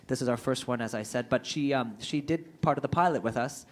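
Fast-talking man emceeing a forum. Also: medium pitch, slight background noise. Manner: loose, joking, halting with fillers. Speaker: event moderator.

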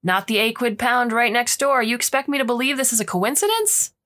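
A woman reading aloud and voicing an angry, panicked warehouse forewoman, shouting and accusing. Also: lowish voice, expressive, moderate pace, slightly rough.

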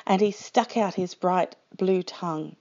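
A woman reading a children's picture book aloud with slow, expressive storytime delivery. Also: lowish voice, highs cut off.

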